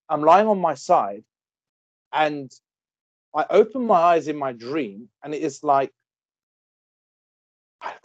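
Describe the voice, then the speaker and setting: Man, 30s, podcast co-host, animated swearing storyteller, somewhat high voice, dull lo-fi sound. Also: no echo. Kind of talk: casual chat.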